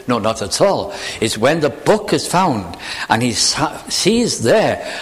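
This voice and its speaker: Male preacher, earnest, lively intonation, lingers on scripture. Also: medium pitch. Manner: earnest, reads scripture slowly with emphasis. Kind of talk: sermon.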